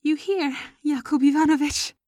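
A woman voicing a distraught, practical middle-aged woman who exclaims in a high, tearful voice in a storybook reading. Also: normal speed, dark tone, dry recording, clean studio sound, lightly acted.

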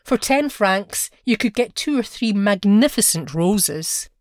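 A woman's voice: medium pitch, lively intonation, unhurried, dry recording, clean studio sound, close to an everyday voice. A woman reading a story aloud, voicing an anxious clerk husband who talks in an earnest, pleading way. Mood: coaxing. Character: anxious eager-to-please husband, a modest clerk.

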